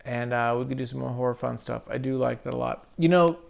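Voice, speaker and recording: A man's voice: mid-range voice, brisk, creaky, dull audio. A man hosting his own channel, rambling casually and swearing lightly as he talks through a story late at night. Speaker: video essay host.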